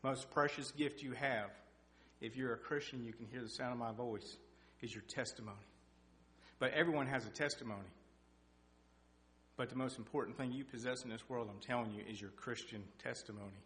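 Middle-aged male lay preacher, mid-range pitch, folksy and animated delivery, recorded in an echoey hall. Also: fairly quick. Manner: folksy, animated, climbs in pitch and loudness for emphasis. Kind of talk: sermon with personal testimony. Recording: echoey hall with faint hum.

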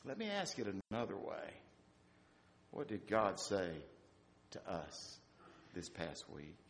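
Man preaching, lively then hushed. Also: low voice, slow, gravelly. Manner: storytelling, shifting from lively to hushed and reflective. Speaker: pastor. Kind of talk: sermon. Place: church sanctuary.

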